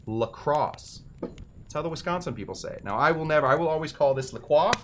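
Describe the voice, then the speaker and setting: A man's voice: fairly high pitch, expressive, fast, noisy background. A man hosting a cocktail show, talking casually with rambling, self-deprecating jokes and asides. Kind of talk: casual comedic how-to talk.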